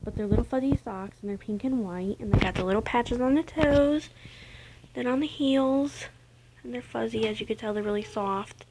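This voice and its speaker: A woman's voice: on the high side, moderate pace, noisy background. A young woman vlogging casually from home in a rambling, chatty way, sometimes dropping to a near-whisper. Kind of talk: casual chat. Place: home, indoors. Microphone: camera mic.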